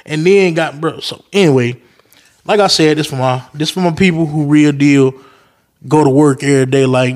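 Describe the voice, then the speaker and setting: Profane storytelling podcast host. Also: male voice, a little high, moderate pace. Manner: profane, animated storytelling with acted-out quotes. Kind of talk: casual storytelling monologue.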